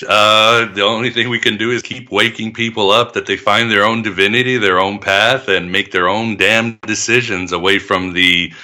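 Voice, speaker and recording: A man's voice: fairly low pitch, steady tone, moderate pace, pushed and bright. A man as a podcast guest, talking in an expansive storytelling way and laughing often. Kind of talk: conversational interview.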